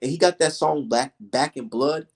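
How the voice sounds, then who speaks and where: A young man hosting a casual livestream, telling stories in an emphatic, profane, animated way. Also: medium pitch, normal speed. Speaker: livestream host.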